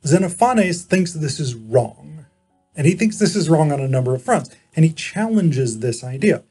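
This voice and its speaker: A man delivers an unhurried, informal philosophy lecture, stopping often to rephrase himself. His voice sits slightly high, with a mellow, husky tone. Faint music plays behind him. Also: sing-song. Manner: measured explaining, frequent pauses and self-corrections.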